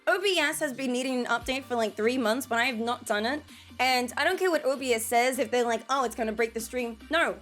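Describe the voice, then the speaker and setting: Bright, chatty woman streaming. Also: high voice, brisk, rough recording. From Australia. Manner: chatty, playful, reading and answering chat. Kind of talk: casual live-stream chat. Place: home streaming room with some room echo. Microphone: desk mic, testing distances.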